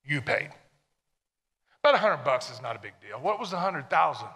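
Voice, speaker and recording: A man's voice: a little high, big pitch swings, normal speed, bright, forceful tone, big-room sound. A man preaching a sermon to a congregation, emphatic and full of questions to the listeners. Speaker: pastor.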